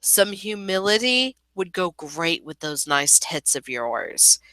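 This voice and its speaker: A woman's voice: lowish voice, very animated, slow pace, sharp tone, no room sound, exaggerated voice. A woman voicing an old male eye doctor who speaks in a stiff, formal, condescending way. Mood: snide.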